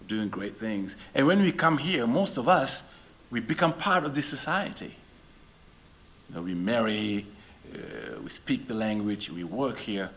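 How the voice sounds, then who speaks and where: A musician from Senegal, middle-aged and speaking English as a second language, banters animatedly with a live crowd between songs, leaning on rhetorical questions. His pitch is on the lower side, and a slight hiss or hum can be heard.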